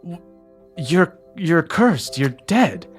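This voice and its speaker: A tender, regretful ghost of a mother in a tabletop game, as the game master puts her on in his own voice. She talks slowly and haltingly, with broken restarts. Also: a little high, sing-song, soft background music, pitched above the performer's own voice.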